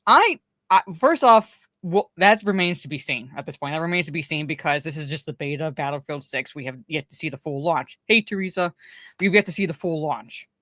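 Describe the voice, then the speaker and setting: Rambling low-voiced woman podcast co-host. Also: brisk, a bit bright, no room sound. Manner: rambling, swears, laughs often, repeats herself. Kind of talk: casual pop culture chat.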